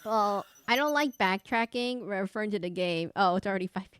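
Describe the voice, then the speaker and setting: A woman's voice: medium pitch, brisk, a bit bright, smooth. Young female VTuber, mid-range voice, chatty live gameplay chatter with exclamations. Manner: chatty, exclaiming, reads game dialogue aloud. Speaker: VTuber streamer.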